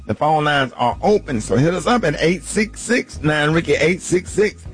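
A deep-voiced man hosts a morning call-in radio show. He talks loosely and easygoing, with plenty of uh's and restarts between thoughts, and faint music plays underneath. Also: lively intonation, normal speed. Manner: easygoing, fillers and repeated restarts. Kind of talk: casual call-in radio chat.

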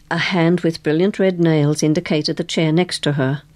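A woman narrating an audiobook with expressive storytelling. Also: low-pitched, moderate pace, hardly any pauses, no room sound. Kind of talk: scripted narration.

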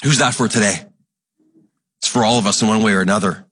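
A man's voice: quick pace, a bit bright, breathy edge. A man preaching a sermon, earnest and impassioned, repeating phrases for emphasis and acting out Bible dialogue in a raised voice. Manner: acts out Bible exchanges in a raised, higher voice. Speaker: pastor.

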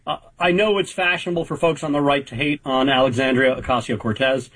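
A man in his fifties, a political reporter, giving measured, analytical answers as a talk show guest, with frequent fillers. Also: mid-range voice, fairly even intonation, fairly bright tone, poor audio. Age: 50s.

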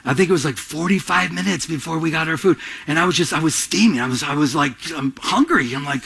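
A middle-aged man preaching a sermon as pastor, animated, jumping between loud emphatic lines and quiet asides, acting out little voices in his stories. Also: high voice, fairly quick, gravelly, husky. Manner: acts out little voices in anecdotes, laughs while telling them.

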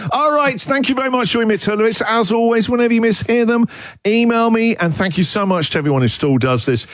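A man's voice: very high voice, quick pace, dry recording, studio quality. A man hosting a radio show, bantering playfully and chuckling often as he talks. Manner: jokey, chuckles often, lively delivery. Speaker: radio host. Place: radio studio. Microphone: studio microphone. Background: music bed under the talk.

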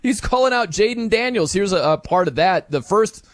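A man hosting a sports talk show, excited and sarcastic, with quick asides. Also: high-pitched, no echo.

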